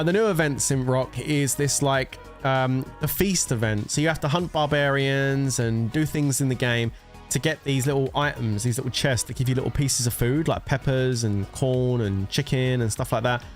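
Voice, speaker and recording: A man streaming a mobile strategy game, chatting casually and excitably with his viewers and swearing freely. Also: mid-range voice. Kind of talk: casual live-stream commentary.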